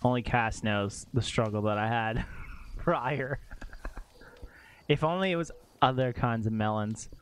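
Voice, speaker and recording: A young man chatting casually while live-streaming a game at home, excitable and quick to exclaim and laugh. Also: medium pitch, slight background noise.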